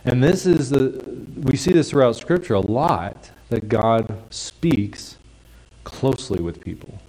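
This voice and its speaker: A male preacher giving a sermon in a conversational, explanatory way, dropping into soft hushed tones for quiet phrases. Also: medium pitch, lively intonation, a little slow, rough recording. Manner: conversational, drops to a soft hush for quiet lines.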